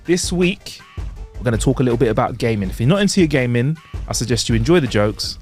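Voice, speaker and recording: A man's voice: medium pitch, animated, quick pace, darkish tone, soft background music. A man co-hosting a comedy podcast, casually chatting and reading out jokes in a playful, giggly way. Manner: playful, giggly, voices joke characters. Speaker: podcast co-host.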